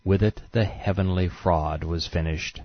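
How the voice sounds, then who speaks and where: Male documentary narrator, very deep, sarcastic and scornful, dull dry audio. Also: steady tone, a little slow, no echo. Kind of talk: scripted narration.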